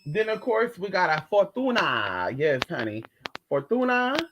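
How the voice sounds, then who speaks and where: A woman in a casual haul vlog, chatty and profane, who keeps calling her viewers girl and y'all and squeals high when she shows off what she bought, talking from home. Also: very animated, moderate pace, a bit bright, dull audio. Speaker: vlogger.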